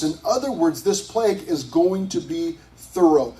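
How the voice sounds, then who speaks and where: A man's voice: on the high side, animated, a little slow, dark tone, far from the mic, low-quality recording. A man, a youth pastor, teaching scripture to a group in a casual, conversational way, often restarting his sentences.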